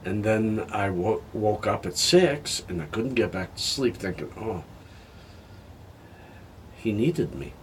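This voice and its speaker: An older man talking candidly in a personal vlog, halting and heartfelt, sounding tired and emotional. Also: on the low side, expressive, slight background noise. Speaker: health vlogger.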